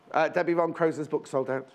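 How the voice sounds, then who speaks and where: A man presenting on a live shopping channel, chatty and rambling, counting down stock and correcting himself as he goes. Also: on the high side. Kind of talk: live TV sales pitch. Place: TV studio.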